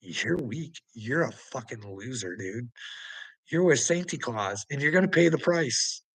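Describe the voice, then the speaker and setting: A man's voice: medium pitch, animated, measured pace, creaky, slightly rough, no echo, poor audio. A man ranting to the camera, taunting and swearing, with mocking laughs breaking in. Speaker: vlogger. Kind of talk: angry rambling rant to the camera.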